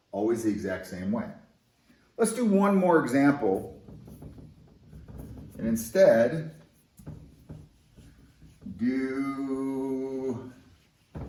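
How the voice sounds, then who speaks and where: A man teaching chemistry in a lively, conversational, enthusiastic way, in a recorded classroom lesson. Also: medium pitch, reverberant, a little hiss or hum, low-quality recording.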